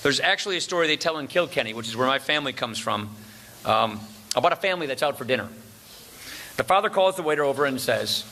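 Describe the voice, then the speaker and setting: Bright-voiced man giving a joking luncheon speech. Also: on the high side, lively intonation, fast, vocal fry, a little hiss or hum. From Wisconsin, USA. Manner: joking, chuckles at his own punchlines. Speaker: speaker at a political luncheon. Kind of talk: formal after-lunch speech.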